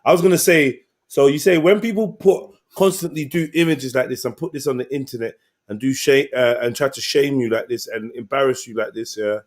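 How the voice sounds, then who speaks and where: A man's voice: fairly high pitch, darkish tone. A man hosting an online panel who cuts in and repeats himself to hold the floor. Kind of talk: heated online panel debate.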